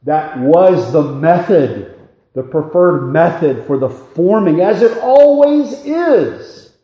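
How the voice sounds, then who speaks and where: A man preaching an expository sermon, reading scripture aloud with a deliberate, emphatic cadence. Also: on the high side, lively intonation, dark tone, echoey room, low-quality recording.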